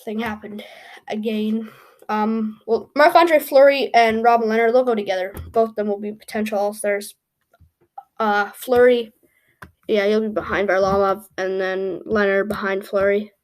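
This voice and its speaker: A woman's voice: medium pitch, fairly even intonation, normal speed. A woman in casual commentary, thinking aloud as she ranks hockey goalies, with frequent fillers and self-corrections. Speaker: YouTube creator ranking hockey goalies. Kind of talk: casual commentary while building a tier list.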